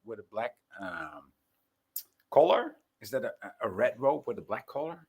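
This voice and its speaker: A man talking as a guest in a casual chat, halting and stammering as he restarts his sentences. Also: mid-range voice, big pitch swings, slightly rough.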